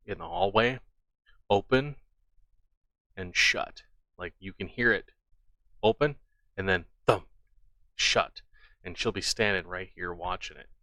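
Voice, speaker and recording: Slow, bright-voiced man telling a story. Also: sits low, no room sound. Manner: earnest, repeats himself, slow and deliberate. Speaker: channel host. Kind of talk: casual storytelling and commentary.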